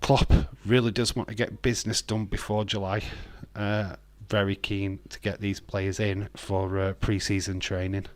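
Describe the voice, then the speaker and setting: A man's voice: on the low side, little pitch movement, normal speed, hardly any pauses. A man hosting a casual live stream, chatting loosely, laughing often and answering viewers' comments. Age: adult with children.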